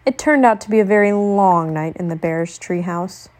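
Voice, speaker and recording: A woman reads a children's picture book aloud in a gentle, expressive way. She lets her voice soften and linger on the quiet parts, taking her time as she tells the story to young listeners. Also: mid-range voice, normal speed. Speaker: storybook reader.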